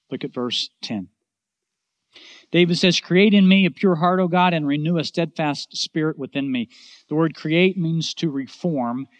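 A man preaching a sermon in an earnest voice, rising to loud emphasis and dropping to hushed, low endings. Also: dry recording. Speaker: pastor.

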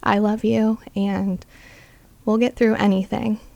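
A woman's voice: medium pitch, level tone, slow pace, vocal fry, warm tone, dry recording. A young adult woman sharing a personal faith testimony as an interview guest, earnest and full of "like" fillers.

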